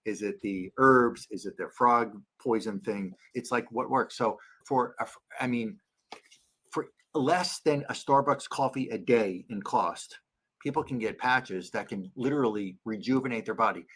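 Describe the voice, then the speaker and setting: A man's voice: normal speed, husky. A man guesting on a podcast over a video call, telling stories with eager enthusiasm. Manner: animated storyteller, acts out quotes in a high voice. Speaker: chiropractor guest.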